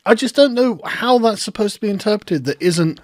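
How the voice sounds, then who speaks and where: A man's voice: high-pitched, animated, a little fast, a little mellow, dry recording. A man giving sarcastic commentary in a mocking, incredulous way, close to the mic. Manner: mocking, incredulous, breaks into laughter. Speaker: online commentator.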